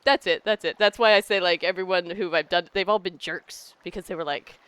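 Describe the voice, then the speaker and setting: A woman's voice: on the low side, brisk, fairly bright tone, clean tone, dry recording. A woman game streamer talking in casual live-stream chat, rambling and laughing often.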